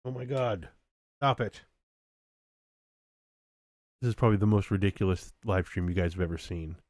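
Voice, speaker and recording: A man's voice: deep voice, moderate pace, darkish tone, no room sound, clean studio sound. A man casually commenting on his own game stream, laughing at himself as he goes. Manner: self-mocking, laughs at himself.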